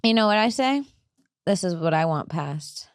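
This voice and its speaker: Brash, lively comedian woman. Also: on the low side, clean tone, dry recording, studio quality. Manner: brash, rambling, quick to laugh. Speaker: comedian and podcast host. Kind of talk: casual comedic podcast chat.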